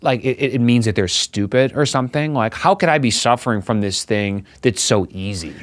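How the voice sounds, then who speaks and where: A man's voice: mid-range voice, a little fast, dry recording. A man co-hosting a podcast, talking in a wry, thoughtful way and asking questions. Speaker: podcast co-host. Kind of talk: casual chat.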